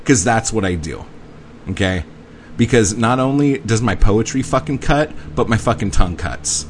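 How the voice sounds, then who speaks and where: A man hosting a podcast, delivering an aggressive, profane, confrontational rant that swings between low muttering and loud outbursts. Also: animated, normal speed, a little hiss or hum. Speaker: podcast host. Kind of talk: profane ranting monologue.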